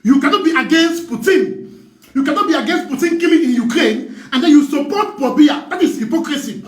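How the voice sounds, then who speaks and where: A man with a Cameroonian English accent mixing in Pidgin, giving an impassioned political address that is fiery and repetitive and often shouts. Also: extremely high pitch, animated, brisk, far from the mic. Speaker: activist speaker. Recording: echoey, from the mic.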